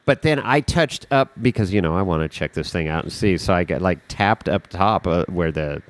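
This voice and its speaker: A man, a podcast guest, telling a story in a casual, animated way, swearing freely and acting out the scene. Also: sits low, moderate pace.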